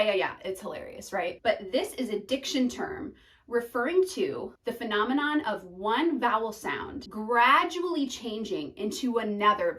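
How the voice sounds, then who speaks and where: A woman's voice: medium pitch, a bit bright, distant mic, low-quality recording. A young woman teaching singing terms in a chatty, upbeat way, breaking into short sung notes as examples.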